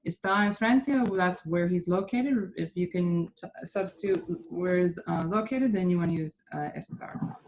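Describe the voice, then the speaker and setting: A woman's voice: lowish voice, normal speed, a little mellow, slight background noise. A woman teaching a Spanish class, patiently explaining grammar step by step.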